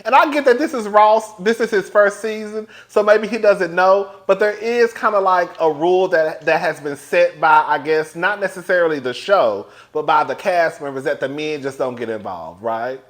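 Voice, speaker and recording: A man gives a laid-back, sassy reality show recap, laughing frequently and calling viewers "girl" as his volume swings between loud and hushed. His voice sits high, his pace is moderate, and he hardly pauses.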